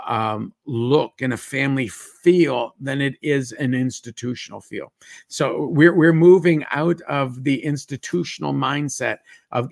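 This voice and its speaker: A man's voice: mid-range voice, creaky, no room sound, clean studio sound. A man hosting a faith podcast as a dream coach, speaking earnestly and fervently, often restarting his sentences. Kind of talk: preaching podcast talk.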